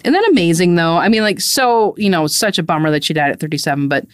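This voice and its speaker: A woman's voice: lowish voice, lively intonation, fast talker, smooth, no echo. A woman co-hosting a podcast in casual, chatty conversation with a friend, laughing easily and poking fun at herself. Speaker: podcast co-host. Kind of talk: casual chat.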